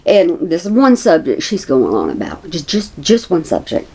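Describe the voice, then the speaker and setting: A woman's voice: deep voice, wildly swooping pitch, moderate pace, mellow, slightly rough. A woman, chatting casually to her viewers as a commentary vlogger, repeating herself for emphasis.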